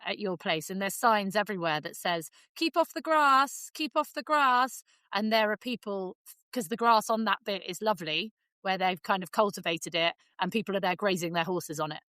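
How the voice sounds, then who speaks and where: A woman's voice: mid-range voice, moderate pace, fairly bright tone, no room sound, studio quality. A woman co-hosting a casual podcast chat, exasperated and repeating herself for emphasis. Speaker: podcast co-host.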